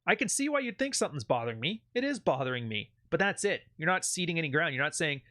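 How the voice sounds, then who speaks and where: Guy ranting advice, swears a lot, bright tense voice, kinda high, dry close sound. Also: sing-song, fast talker, hardly any pauses, no echo. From Canada. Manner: blunt, profane, offhand. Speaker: channel host. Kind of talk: casual advice monologue.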